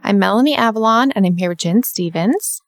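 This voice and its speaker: Woman podcast host, mid pitch, chatty and upbeat, casual co-host banter. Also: expressive, brisk, no room sound, studio quality. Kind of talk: casual podcast chat and read ad.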